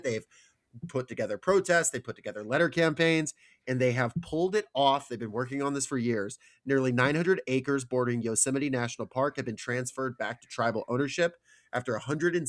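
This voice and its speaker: A man's voice: medium pitch, fairly bright tone, dry recording, studio quality. A man from Georgia hosting a podcast, talking politics and news in casual chat with an earnest, wry tone. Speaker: podcast host.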